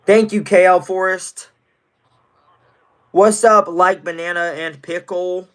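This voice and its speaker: A man's voice: high voice, fairly even intonation, takes it slowly. A nineteen-year-old man from Indiana, livestreaming casually, rambling and greeting viewers in chat by name. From Indiana, USA. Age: teens.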